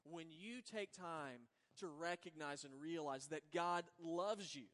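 A man pastor preaching a sermon in earnest, moving between soft, drawn-out words and emphatic lines. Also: on the high side. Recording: long reverb of a large hall.

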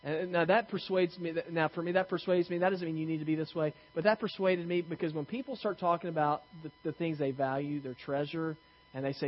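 A man preaches to his congregation in an easy, talkative way, poking fun at himself and stumbling over restarts as he tells stories. His voice sits a little high. The recording sounds dull and lo-fi. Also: fairly even intonation, a little fast. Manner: conversational, self-deprecating storytelling with frequent restarts. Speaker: pastor. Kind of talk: sermon.

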